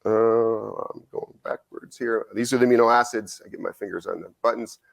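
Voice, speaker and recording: A middle-aged man giving a conference lecture. He tells an anecdote in an animated way, acts out both sides of the conversation and often asks "right?". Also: fairly low pitch, moderate pace, creaky. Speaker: nutrition researcher giving a conference talk. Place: lecture hall.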